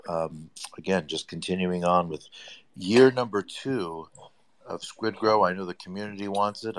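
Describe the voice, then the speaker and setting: Low-voiced man gushing praise. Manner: effusive, rambling praise. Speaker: community member on an audio chat. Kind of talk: casual chat.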